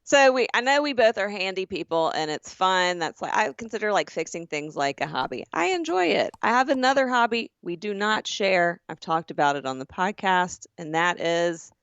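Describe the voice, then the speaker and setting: A woman's voice: mid-range voice, normal speed, hardly any pauses, no room sound, muffled recording. A woman with a Southern American accent, co-hosting a comedy podcast and telling a story with acted-out voices. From Southern United States. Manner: animated storyteller, acts out voices. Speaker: podcast co-host. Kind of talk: casual comedy chat.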